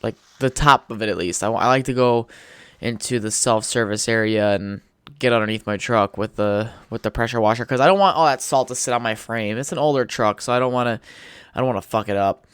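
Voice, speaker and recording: A young man rambles through stories on his solo podcast, sounding tired and laid-back and swearing often. His voice is smooth and clear at a middle pitch, recorded close with a dry, dead sound. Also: brisk, fairly bright tone, no echo. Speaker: podcast host. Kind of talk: casual solo storytelling. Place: home setup with a podcast mic.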